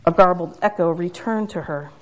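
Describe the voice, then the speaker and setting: A woman preaching a sermon, retelling a story in a measured, reflective way. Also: fairly low pitch.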